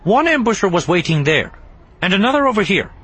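Excitable alien detective, male, high and warbly, breathy, always exasperated. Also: brisk, heavily acted.

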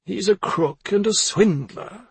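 A man's voice: fairly high pitch, expressive, a little slow, a little mellow, no echo, voice pushed up, heavily acted. A man voicing a cold, calculating female doctor who speaks in a soothing, businesslike way. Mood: coolly persuasive. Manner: smooth, soothing yet businesslike.

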